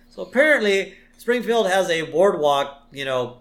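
A man's voice: on the high side, expressive, normal speed, few pauses, a bit bright. Laid-back man recapping with a laugh. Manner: laughs often, agrees readily. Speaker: podcast co-host. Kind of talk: casual episode recap.

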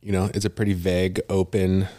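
A man's voice: sits low, completely flat delivery, fairly quick, mellow, dry recording, clean studio sound. A man in his thirties co-hosting a podcast, laid-back and casual, with crude jokes. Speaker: podcast co-host. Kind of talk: casual chat.

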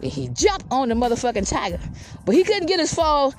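A woman's voice: sits high, very animated, brisk. A woman telling a comic animal story in a rambling, profane way, with frequent asides to the listener. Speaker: podcast host.

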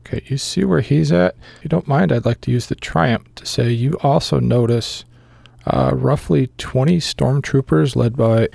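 Male game master, gravelly, low, dry close sound, measured narration with ums. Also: darkish tone, no echo. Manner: measured narration with filler pauses.

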